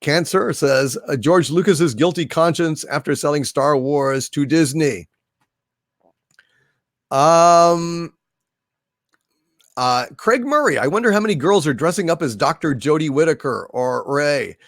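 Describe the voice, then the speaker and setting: A man's voice: a little high, expressive, measured pace, no echo, studio quality. A man hosting a live stream who reads viewer chat messages aloud and greets viewers theatrically. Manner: theatrical, hailing viewers grandly.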